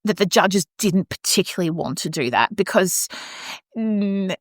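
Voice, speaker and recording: A woman's voice: medium pitch, a little slow, dry recording. Australian woman, opera singer and podcast co-host, candid storyteller, dry studio sound. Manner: candid, lively storyteller with frequent restarts. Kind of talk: casual storytelling chat.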